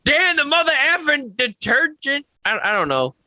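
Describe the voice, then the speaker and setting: A man hosting a casual wrestling podcast, loud and profane, yelling with excitement, his throat a bit sore. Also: very high voice, moderate pace, no echo. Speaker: podcast host.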